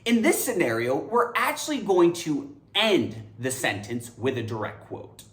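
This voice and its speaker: A woman giving a scripted grammar lesson, animated and emphatic. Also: low voice, measured pace, roomy sound. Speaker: English grammar teacher.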